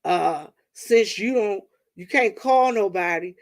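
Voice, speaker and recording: A woman's voice: mid-range voice, slow pace. A woman imitating her elderly mother, sulky and guilt-tripping.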